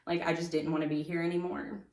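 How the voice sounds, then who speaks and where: Low-voiced woman, halting testimony. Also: level tone, a little mellow, echoey room, distant mic. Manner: halting, with many fillers and restarts. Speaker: podcast guest. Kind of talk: personal testimony in conversation.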